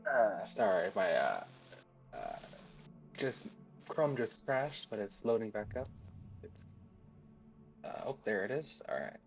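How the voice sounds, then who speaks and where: A man's voice: on the low side, sing-song, takes it slowly, long pauses, lo-fi sound, soft background music. A man playing in a tabletop game who talks hesitantly and stumbles over fillers. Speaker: player. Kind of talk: casual tabletop game play.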